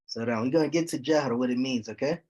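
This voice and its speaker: A man teaching a recitation class, explaining terms slowly and checking on his students with repeated "okay?". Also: mid-range voice, darkish tone. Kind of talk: classroom lesson.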